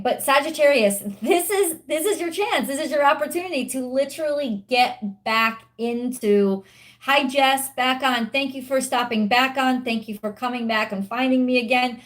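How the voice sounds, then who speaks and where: A woman's voice: high-pitched, moderate pace, a bit bright. A woman giving a live-streamed tarot reading, chatty with viewers, frustrated and swearing openly about her internet.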